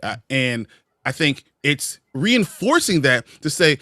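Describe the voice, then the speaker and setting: A man's voice: medium pitch, expressive, slow, sharp tone, no room sound, clean studio sound. A man in a casual panel discussion, talking earnestly and often repeating words as he searches for his phrasing. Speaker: podcast panelist.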